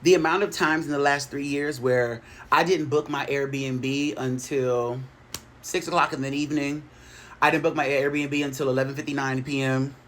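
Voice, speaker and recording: A man hosting a spiritual healing show, talking in a casual, animated, profane and playful way. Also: mid-range voice, normal speed, a little hiss or hum. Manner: animated, profane and playful, acting out quoted voices.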